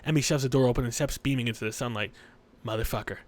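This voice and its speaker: A man's voice: mid-range voice, rapid-fire. A young man playing a visual novel, reading the narration aloud and cracking profane jokes. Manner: joking, profane asides between narration. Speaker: let's play host.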